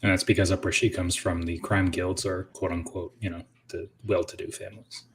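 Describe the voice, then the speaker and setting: Low-voiced sardonic man. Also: little pitch movement, brisk, a little hiss or hum. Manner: sardonic, argumentative. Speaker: podcast co-host. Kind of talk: casual podcast chat.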